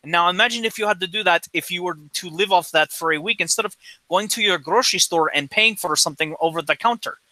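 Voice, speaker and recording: A man in his forties rants bluntly on a podcast, swearing freely. His voice is a touch high for a man and very bright and forceful. The sound is dry and close, with no room around it. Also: fast, no echo, low-quality recording. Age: 40s. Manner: blunt, profane ranting. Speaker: podcast co-host. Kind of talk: casual chat.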